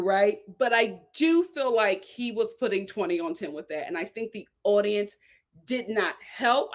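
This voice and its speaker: A woman giving casual, sassy commentary as a show reviewer, animated and laughing often. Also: on the high side.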